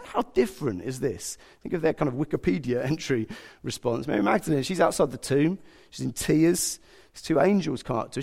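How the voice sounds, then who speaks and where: A man preaching a sermon in an animated, conversational way, acting out quoted speech in voices. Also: fairly high pitch, vocal fry.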